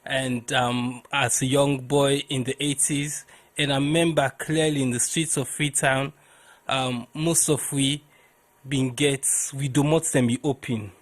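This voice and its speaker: A man's voice: mid-range voice, steady tone, measured pace. A middle-aged Sierra Leonean man with a Krio accent, co-hosting, who speaks reflectively with frequent hesitations. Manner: hesitant, many ums, reflective. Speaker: co-host.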